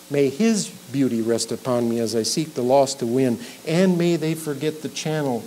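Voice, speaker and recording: A middle-aged male pastor preaching an expository sermon, emphatic, building to loud peaks on key points. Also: mid-range voice, moderate pace, few pauses, a little hiss or hum, low-quality recording. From Minnesota.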